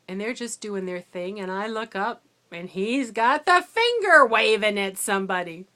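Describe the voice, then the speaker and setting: Middle-aged woman, tired after no sleep, vlogging a rambling story about substitute teaching in a chatty, mid-pitched voice. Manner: chatty, rambling, animated when quoting herself. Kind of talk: casual storytelling vlog.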